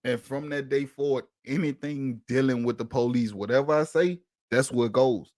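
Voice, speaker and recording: A man on a casual podcast telling a story in an animated, profane way and acting out the quotes. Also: mid-range voice, moderate pace, dry recording, studio quality. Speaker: podcast co-host.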